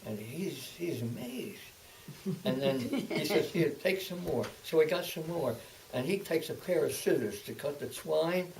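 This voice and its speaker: A man's voice: fairly high pitch, sing-song, gravelly, a little mellow. Elderly man telling war stories, distant mic. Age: 80s. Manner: halting, repeats words and restarts, then speeds up. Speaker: interviewee, veteran. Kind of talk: oral-history storytelling. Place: home, indoors. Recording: distant mic with faint hiss.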